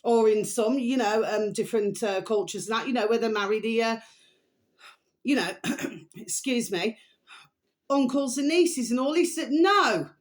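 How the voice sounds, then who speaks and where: A woman's voice: on the high side, measured pace, long pauses, a little mellow. Chatty rambling woman. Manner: rambling, chatty, repeats pet phrases, emphatic. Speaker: vlogger host. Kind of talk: casual opinion monologue to camera.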